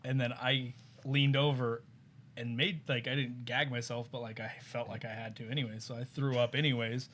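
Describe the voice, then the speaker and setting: A young man in a casual conversation with a friend, relaxed and chiming in with short replies and his own memories. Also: mid-range voice, normal speed, a little hiss or hum. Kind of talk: casual chat.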